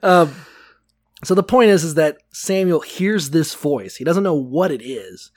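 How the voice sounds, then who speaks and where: A man with a fairly high voice who talks in an animated, irreverent way, swearing freely and laughing often. In his stories he slips into quick comic voices for the people he describes. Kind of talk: irreverent comedic chat.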